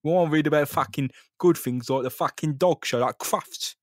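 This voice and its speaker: Cast: coarse, swearing crime boss, menacing in a mock-friendly way, a touch high, as a podcast host puts him on. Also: male voice, normal speed, no echo, clean studio sound, close to an everyday voice.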